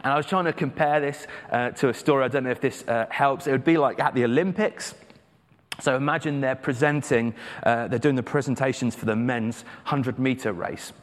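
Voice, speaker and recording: Casting: man from England, mid-pitched preacher, relaxed, self-deprecating sermon delivery, long church reverb. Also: brisk. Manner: conversational, self-deprecating with hesitant fillers.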